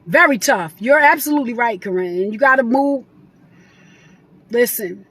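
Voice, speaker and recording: A woman's voice: a little high, expressive, moderate pace, slightly rough, no echo. A middle-aged woman talking casually and sentimentally as a guest on a live video chat. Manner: warm, chatty, sentimental.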